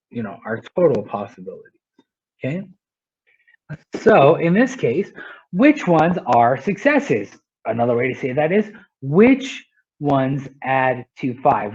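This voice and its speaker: A man's voice: mid-range voice, slightly rough, highs cut off. A male teacher explaining a math lesson step by step, often checking in with "right?".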